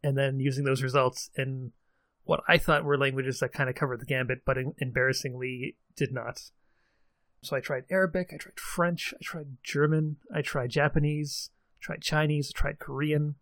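A man's voice: medium pitch, steady tone, moderate pace, a bit bright, dry recording. A man, co-hosting a casual podcast chat, rambling and poking fun at himself with frequent chuckles. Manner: rambling, self-deprecating, chuckles often. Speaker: podcast co-host.

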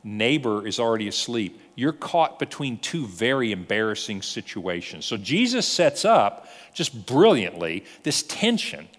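Animated male pastor in a reverberant hall. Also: fairly low pitch, measured pace, hardly any pauses. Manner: animated storyteller, acts out dialogue. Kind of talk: sermon teaching.

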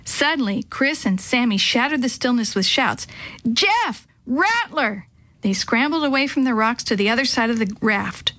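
A woman narrating a children's story aloud in a gentle, expressive reading voice. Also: on the high side, normal speed, few pauses, dry recording.

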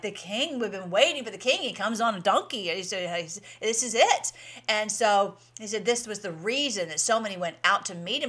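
A woman's voice: medium pitch, a bit bright. A woman hosting a casual commentary video, chatty and rambling, often restarting her sentences.

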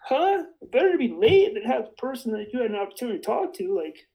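A man with a high, gravelly voice talks in a rambling, emphatic way. He is passionate in a loose, casual discussion about faith. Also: sing-song, rapid-fire, dark tone, low-quality recording. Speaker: bible study participant.

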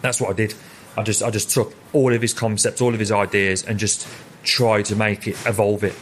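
Male chef guest, young adult, fast rambling interview talk, slightly low voice. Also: level tone, slight background noise. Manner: rambling, repeats words while telling stories. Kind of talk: casual interview chat.

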